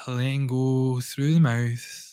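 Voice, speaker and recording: Calm man guiding a breathing exercise. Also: mid-range voice, dry recording. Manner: calm, slow, soothing instructions. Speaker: breathwork coach, guest.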